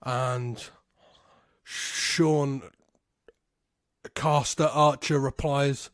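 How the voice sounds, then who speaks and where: Slow-talking, swearing podcast host. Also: male voice, mid-range voice, dry recording, studio quality. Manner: profane and gleeful, swears constantly; drops into quick acted impressions of characters. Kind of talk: casual solo movie recap.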